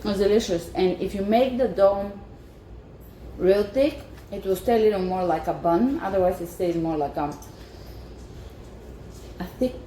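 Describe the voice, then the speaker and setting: A woman's voice: mid-range voice, unhurried, pauses often, mellow. A woman chatting enthusiastically in a casual cooking vlog, tasting her own baking as she talks. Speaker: home baker. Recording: echoey room with faint background noise.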